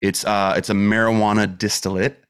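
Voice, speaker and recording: A man's voice: lowish voice, flat delivery, moderate pace, smooth. A man guest on a podcast, telling a personal story in casual, candid talk full of swearing and fillers. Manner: rambling with restarts and fillers like "dude" and "like". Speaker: podcast guest, metal musician.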